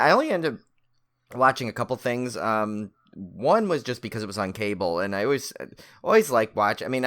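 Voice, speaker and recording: A man's voice: mid-range voice, a bit bright. A man co-hosting a horror film podcast, chatting casually and rambling with many fillers and restarts. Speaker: podcast co-host. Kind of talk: casual chat.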